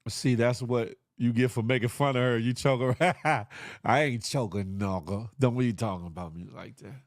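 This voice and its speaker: A man's voice: mid-range voice, moderate pace, dry recording, studio quality. A man hosting a live online show, chatting casually with viewers in a loose, joking way, full of slang and sound effects. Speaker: livestream show host.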